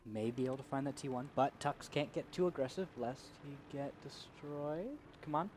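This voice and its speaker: A man giving live play-by-play commentary on an esports tank match, getting louder and quicker as the fights heat up. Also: medium pitch, a little hiss or hum. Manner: rises to excited calls during fights. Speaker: esports caster.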